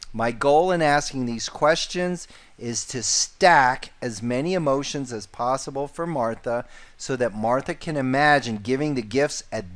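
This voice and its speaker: A man's voice: medium pitch, fairly bright tone. A man teaching a sales course, repeating key points and stressing important words. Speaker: sales trainer. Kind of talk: instructional course narration.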